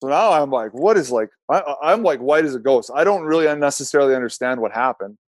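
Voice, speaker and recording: A man's voice: medium pitch, lively intonation, fast talker, no room sound. A middle-aged man, a former pro hockey goalie, telling a rambling, self-correcting story in casual talk and laughing at himself.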